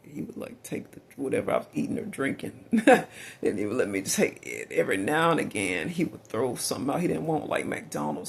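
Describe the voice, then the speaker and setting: A man's voice: a little high, big pitch swings, brisk, vocal fry, breathy edge. A man telling a long rambling story in a casual monologue, swearing freely and filling gaps with "uh" and "like". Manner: rambling, profane, lots of fillers.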